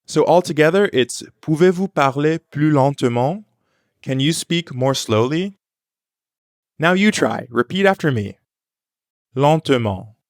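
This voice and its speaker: A man co-hosting a scripted language lesson, modeling pronunciation slowly and clearly for learners. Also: a little high, animated, no echo, studio quality. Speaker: language teacher and co-host.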